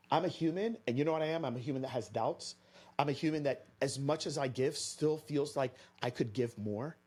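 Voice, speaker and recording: A man from Florida, a podcast guest, telling a story in an energetic, emphatic way and talking straight to the listeners. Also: medium pitch, breathy edge. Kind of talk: animated storytelling to an audience.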